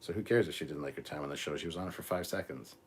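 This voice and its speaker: A man's voice: extremely low pitch, racing, slight background noise. A man hosting a live stream, reading out chat comments in a casual, crude way with plenty of swearing. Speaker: host.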